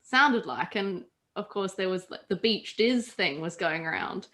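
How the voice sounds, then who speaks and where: A woman's voice: medium pitch, animated, unhurried, bright, forceful tone. An Australian woman chatting casually with friends as a podcast host, telling stories and laughing between them. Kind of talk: casual group chat.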